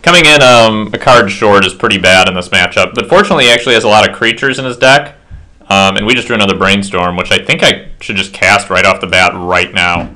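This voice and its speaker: A man's voice: fairly low pitch, quick pace, pushed and bright. A slightly tipsy man casually commentating his own card game match at home, rambling with self-deprecating asides.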